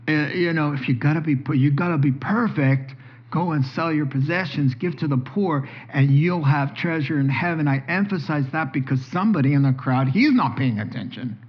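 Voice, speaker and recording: A man preaching a sermon, telling the story in a lively way and acting out the dialogue. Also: fairly high pitch. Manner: animated storytelling, acts out dialogue. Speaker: pastor. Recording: dull lo-fi sound.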